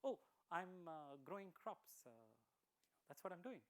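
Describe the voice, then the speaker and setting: A man voicing a humble male farmer who speaks in a halting, reverent way. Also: medium pitch, close to an everyday voice. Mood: hesitant.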